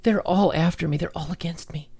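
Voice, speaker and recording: A man's voice: fairly high pitch, brisk, vocal fry, a little mellow, breathy edge, voice pushed up. A man putting on the voice of a whiny, self-pitying complainer who feels persecuted, in a mocking sing-song.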